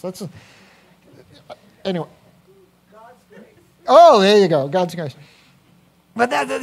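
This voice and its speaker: A man preaching a sermon as a pastor, animated, swinging from quiet to loud with personal asides. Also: sits high, measured pace, vocal fry, pauses often.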